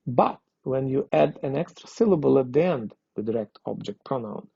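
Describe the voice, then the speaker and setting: Patiently walking through grammar in a language lesson, a man speaks at normal speed in an animated, mellow, husky mid-range voice with vocal fry. He repeats points and asks "okay?" often, and the lo-fi recording is dull and dry with no room sound.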